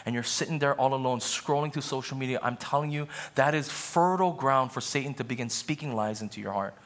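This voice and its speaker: A man's voice: medium pitch, brisk, few pauses, fairly bright tone. A male pastor preaching a sermon in an earnest, conversational way, with asides to the congregation.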